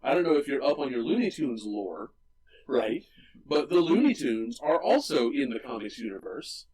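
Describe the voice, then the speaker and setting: A man co-hosting a casual movie podcast, retelling scenes with energy and quick character voices. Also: medium pitch, very animated, far from the mic, a crowd in the background, poor audio. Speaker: podcast co-host.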